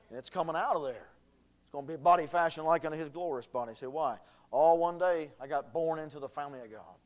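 A pastor with a high voice preaches in a church, dropping to low earnest tones and then rising to shouted declarations. He is a man, and his voice carries through the sanctuary. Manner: swings from quiet earnest talk to shouted emphasis. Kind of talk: sermon.

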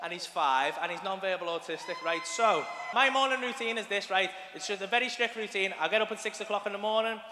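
A man's voice: sits high, fast talker, hardly any pauses, pushed and bright, slight background noise. A man doing stand-up, telling a crude story with lots of swearing and chatty asides. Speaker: stand-up comedian. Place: live comedy venue, large hall. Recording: live hall with long reverb.

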